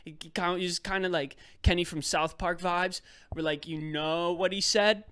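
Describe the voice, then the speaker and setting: A man's voice: high-pitched, fairly even intonation, normal speed, sharp tone, clear, resonant tone, no echo. A young man hosting a podcast, telling a rambling, exasperated story in casual slang. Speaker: podcast host. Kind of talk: casual comedic rant.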